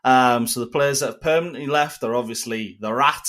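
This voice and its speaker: A man hosting a casual football podcast, chatty and upbeat and quick to laugh. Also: medium pitch, a bit bright. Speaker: podcast host.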